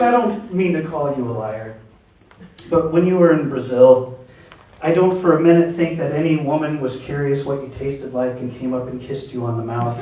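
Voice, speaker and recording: A man's voice: a little high, measured pace. A man telling a comic story at a live reading, ranting in exasperation at an absent person and laughing mid-sentence. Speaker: open-mic storyteller. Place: live reading event, roomy venue. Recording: very echoey room, voice from far off.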